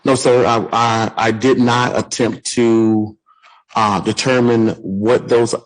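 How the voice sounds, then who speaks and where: A man with a fairly low voice testifies as a deputy at a hearing. He answers formally, often with "yes, sir", and hesitates and restarts as he searches for words. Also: steady tone, slow, rough recording. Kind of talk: courtroom testimony.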